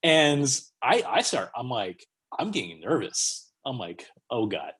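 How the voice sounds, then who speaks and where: A man speaking as a podcast guest, who tells his story casually and in an animated way, acting out what people said. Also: mid-range voice, unhurried, slightly rough. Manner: animated, acts out quotes.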